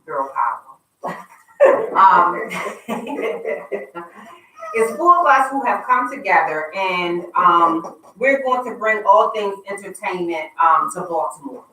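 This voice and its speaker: A woman hosts a casual radio talk show, chatty and teasing as she plugs an upcoming event. Her voice is bright and forceful. It sounds roomy, as if she sits a bit back from the mic. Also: medium pitch, lively intonation, takes it slowly, pauses often, recorded from a distance. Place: radio studio.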